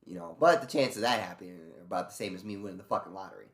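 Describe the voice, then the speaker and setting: A man's voice: low voice, racing, reverberant. A man streaming from home, venting about his job in a casual, profane rant. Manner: profane, venting, mimics bosses in quoted voices.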